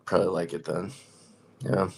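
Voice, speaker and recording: Low-voiced wry man in casual chat. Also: fairly even intonation, moderate pace, vocal fry, darkish tone, husky. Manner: wry, self-deprecating, laughs often.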